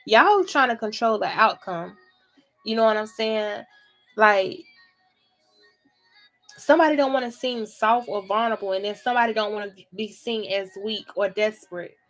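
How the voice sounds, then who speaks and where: A woman's voice: mid-range voice, normal speed, a bit bright, faint music behind. A woman giving a casual tarot reading to camera, talking in a blunt, chatty way with plenty of swearing. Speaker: tarot reader.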